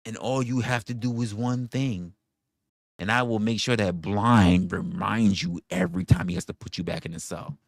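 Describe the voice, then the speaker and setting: A male streamer taunts his chat in a mock-villain act and swears freely. His voice swings widely from loud jabs to low mutters. The sound is dry and close. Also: animated, normal speed, gravelly, no echo. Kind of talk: casual stream rant, role-play banter.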